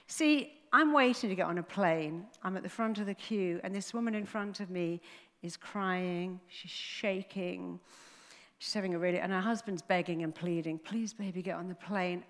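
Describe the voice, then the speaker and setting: Woman motivational speaker, lively storyteller, mid-pitched, long hall reverb. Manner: animated storyteller, acts out voices. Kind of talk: motivational talk on stage.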